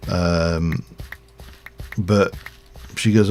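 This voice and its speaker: A man's voice: sits low, unhurried, creaky, a little mellow. A middle-aged man, chatting in a rambling way while he livestreams a game. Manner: rambling, chatty, with fillers and chuckles. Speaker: live streamer. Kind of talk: casual chat while playing a game.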